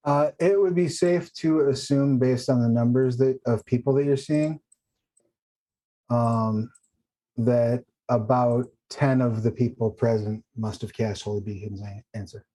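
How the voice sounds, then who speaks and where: Mellow-voiced man running a tabletop game. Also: medium pitch, steady tone. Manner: measured, explains patiently. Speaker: game master.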